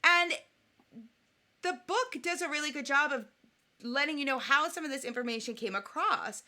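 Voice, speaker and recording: A woman co-hosting a podcast in casual chat, animated and jokey, often acting out quotes from the film. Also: high voice, normal speed. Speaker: podcast co-host.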